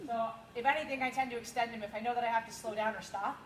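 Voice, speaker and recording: A woman's voice: on the high side, steady tone, rapid-fire. Woman dog-agility instructor, echoey. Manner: coaching, calls cues to the dog in bursts. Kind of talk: outdoor training class instruction. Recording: echoey with loud background noise.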